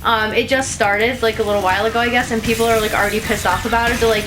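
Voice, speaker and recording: Chatty higher-voiced woman gamer. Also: steady tone, quick pace, few pauses, over music, rough recording. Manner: rambling, chatty, laughs often. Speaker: let's play co-host. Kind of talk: casual chat while gaming.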